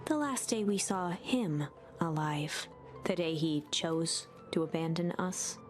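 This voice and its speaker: A woman whispering the lines of a cold, disdainful doppelganger boy in whispered role-play, over soft music. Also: low-pitched, slow. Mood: scornful. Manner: hushed and scornful. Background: background music.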